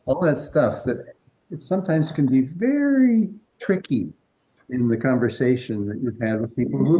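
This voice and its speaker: A man presenting an energy-healing workshop demonstration in an indoor event room, calmly instructing and walking a participant through each step. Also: medium pitch, moderate pace. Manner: calm, instructive, guiding through steps.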